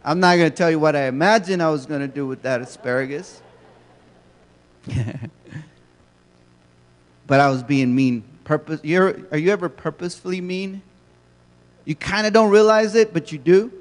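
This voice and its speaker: A man with a higher voice gives a keynote talk to educators at a normal speed, with long pauses. His style is conversational and story-driven, he asks the audience questions, and a long hall reverb is audible.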